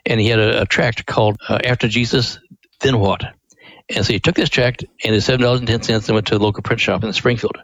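A man's voice: lowish voice, fairly even intonation, quick pace, fairly bright tone, dry recording, dull audio. Folksy older male storyteller on radio. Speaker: ministry president, guest. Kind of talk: storytelling interview.

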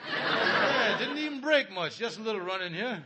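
A man's voice: high voice, expressive, normal speed, very noisy. A man playing a scheming, blustering middle-aged husband in a radio comedy, talking in broken grammar and fawning to get his way. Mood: flustered. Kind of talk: 1940s radio comedy acting.

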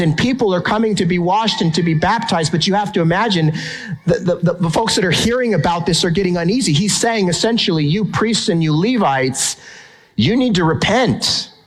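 A man's voice: fairly high pitch, poor audio. A man preaching a sermon in an emphatic, conversational way, often asking rhetorical questions. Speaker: pastor.

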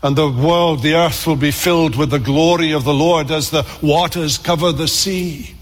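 Man, preacher, earnest sermon, fairly high voice, echoing hall. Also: fairly even intonation. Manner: earnest, repeats words, slows for emphasis.

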